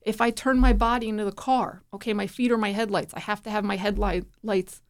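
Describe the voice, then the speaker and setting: Speaking briskly in a mid-range voice, a middle-aged New Jersey woman shares a personal story as a guest in a casual chat, animatedly performing the voices of everyone she quotes.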